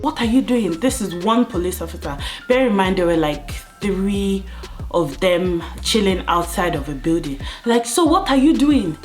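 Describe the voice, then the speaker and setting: A woman's voice: normal speed, over music. A young Nigerian woman with a Nigerian accent, casually telling a story on her vlog and acting out the voices of others. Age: young adult. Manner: animated, acts out police voices in higher pitch. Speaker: vlogger.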